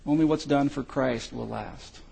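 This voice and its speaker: A middle-aged male pastor telling a story in a sermon, swinging from loud cries to hushed lows. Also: unhurried, creaky, husky, rough recording.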